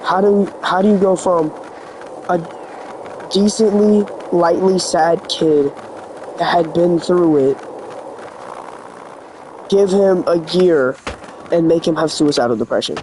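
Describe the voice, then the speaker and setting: Teen guy talking to camera, kinda high voice, a bit sick and cracky, lots of "like". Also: takes it slowly, pauses often, darkish tone, a little hiss or hum, rough recording. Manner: earnest, rambling, many "like" fillers. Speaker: vlogger. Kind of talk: confessional vlog talk.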